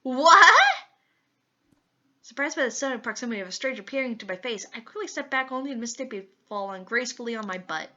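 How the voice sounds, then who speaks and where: Casting: woman reading a dating sim aloud, bright, slightly high, a bit muffled, faint music. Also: rapid-fire, hardly any pauses. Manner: expressive, giggly asides. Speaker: let's play host reading a dating sim. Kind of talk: reading a visual novel aloud with comments.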